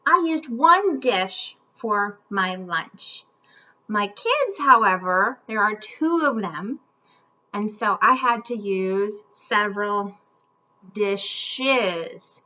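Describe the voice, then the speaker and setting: A woman leads a children's phonics lesson in an upbeat, clearly enunciated way, her medium-pitched voice sharp and lively in intonation while speaking extremely slowly. The home video recording sounds slightly muffled.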